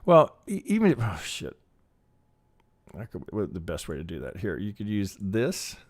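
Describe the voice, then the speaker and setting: A man's voice: fairly low pitch, huge pitch swings, normal speed, no echo, studio quality. Rambling, profane man teaching chart trading. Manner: rambling, profane, thinking aloud with many restarts. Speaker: trading educator. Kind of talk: live chart analysis lesson.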